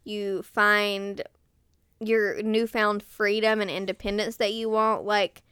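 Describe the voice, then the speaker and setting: A young woman co-hosting a podcast in casual chat, talking in a lively way and acting out quotes. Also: mid-range voice, slow, clean tone, no room sound, studio quality. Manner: chatty, animated, acts out quotes. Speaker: podcast co-host.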